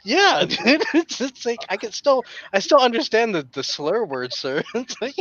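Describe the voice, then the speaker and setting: A man's voice: extremely high pitch, sing-song, a little slow, a bit bright. A man bantering as a podcast guest, swearing freely and breaking into laughter between phrases. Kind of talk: casual crude banter. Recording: dull lo-fi sound.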